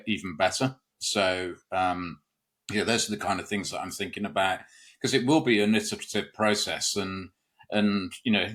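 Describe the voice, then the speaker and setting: A man from Birmingham with a Birmingham English accent, a podcast guest who answers in a relaxed, measured way. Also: on the low side. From England. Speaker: fitness and nutrition coach, guest. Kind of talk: casual interview.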